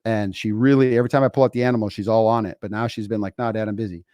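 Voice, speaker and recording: A man in his forties with a lowish voice co-hosts a motivational podcast, talking in a casual, emphatic way and often repeating words as he goes. The sound is dry and close, with no room around it. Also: steady tone, rapid-fire, a little mellow, no echo. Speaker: podcast co-host. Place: home studio. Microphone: remote streaming setup.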